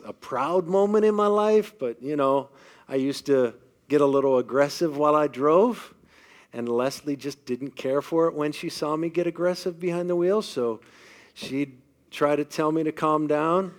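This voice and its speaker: Preaching at a moderate pace, this middle-aged pastor has a fairly high voice. His sermon weaves in personal stories, alternating soft, hushed moments with loud, emphatic stretches.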